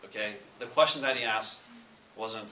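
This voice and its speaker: A man giving a casual sermon to students, asking the room questions and reading scripture slowly. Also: fairly low pitch, pushed and bright. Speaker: Bible study speaker. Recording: echoey room with faint noise.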